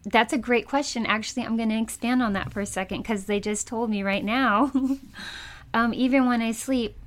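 A woman speaking as a psychic medium in a casual interview, telling her stories in a chatty, animated way and laughing often. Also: fairly high pitch, moderate pace.

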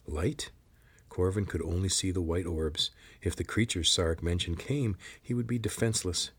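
Male audiobook narrator, low and husky, measured storytelling. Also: steady tone. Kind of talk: scripted narration.

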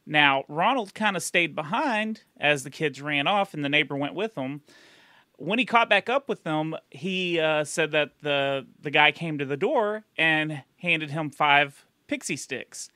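A man with a bright, forceful, fairly high voice tells a story on a casual podcast, breaking into laughter often. The sound is dry and close, with no room echo. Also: animated, unhurried. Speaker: podcast co-host and producer.

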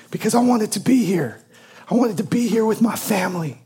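A middle-aged man preaching as a guest pastor with a hoarse, husky voice from losing it, speaking earnestly and repeating phrases for emphasis. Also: high-pitched, brisk, noisy background. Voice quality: husky, raspy. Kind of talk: sermon. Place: church sanctuary.

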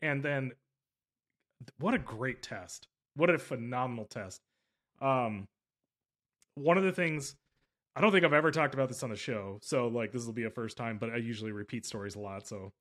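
A man's voice: medium pitch, moderate pace, pauses often, a bit bright. A man hosting a podcast interview in casual chat, talking at length, emphatic and often correcting himself mid-sentence. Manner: rambling and emphatic, with frequent self-corrections. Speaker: podcast host.

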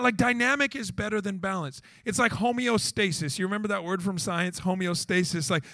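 A man preaching a sermon to couples, animated, acting out little quoted exchanges and firing rhetorical questions. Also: high-pitched, no echo. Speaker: pastor.

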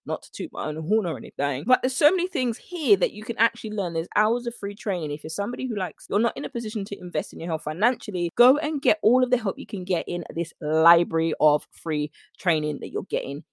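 Brief: woman, solo podcast host, lively pitch swings, dry close sound. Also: fast, hardly any pauses, dry recording. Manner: chatty, animated, rambling with asides. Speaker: podcast host, nutrition coach.

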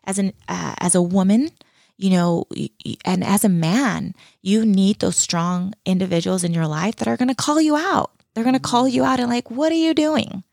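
A middle-aged woman, guesting in an interview, speaks earnestly and from the heart in reflective personal talk, repeating key words for emphasis. Her medium-pitched voice has vocal fry and a darkish tone at a moderate pace, recorded cleanly in a studio with no room sound.

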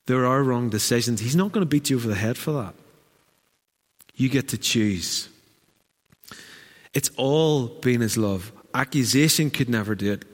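A man preaching a sermon as pastor, animated and acting out the voices he quotes. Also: mid-range voice. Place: church hall. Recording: church hall with long reverb.

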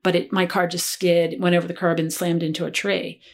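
A woman who works as a life coach appears as a podcast guest, sharing a personal story earnestly and reflectively, and her voice drops quiet at tender moments. She speaks fairly quickly in a lowish voice with little pitch movement.

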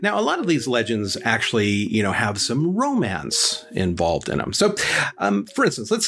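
A man casually telling a folk legend, chatty and joking with many fillers. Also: on the low side. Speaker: storyteller. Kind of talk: casual storytelling.

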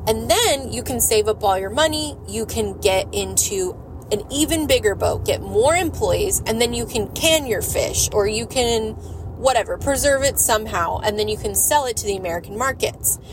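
Woman doing a pushy ceo guy, eager sales pitch, kinda high voice. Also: animated, normal speed, background noise, lightly acted. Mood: persuasive. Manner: eager, persuasive, piling on plans. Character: pushy, ambitious male business executive.

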